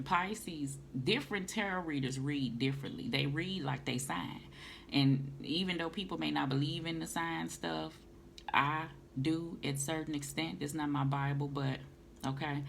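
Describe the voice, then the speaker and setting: A woman's voice: extremely low pitch, creaky. A woman, doing a casual tarot reading and calling the listener honey and baby. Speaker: tarot reader. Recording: noisy home recording.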